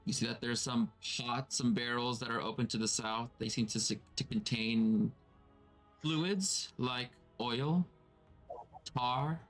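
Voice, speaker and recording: A man narrating as dungeon master for a tabletop game, describing scenes slowly with fillers. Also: medium pitch, a bit bright, faint music behind.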